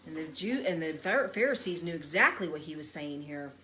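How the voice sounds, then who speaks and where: A woman's voice: deep voice, animated, a little fast, hardly any pauses, pushed and bright, slight background noise. A woman teaching a verse-by-verse Bible study in an emphatic, conversational preaching manner, asking her listeners to picture the scene.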